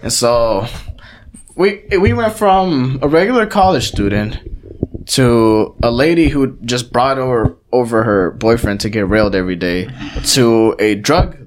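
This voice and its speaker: A man's voice: medium pitch, measured pace, slight background noise. Young man telling profane stories. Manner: profane, animated storyteller who acts out quotes. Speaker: podcast co-host. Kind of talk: casual storytelling.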